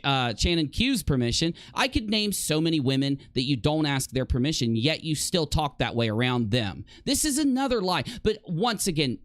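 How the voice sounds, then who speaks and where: A man's voice: on the high side, a bit bright, dry recording. A man hosting a commentary channel, arguing indignantly and sarcastically against clips he plays. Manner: indignant, sarcastic, rapid-fire questions. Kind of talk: heated commentary over played clips.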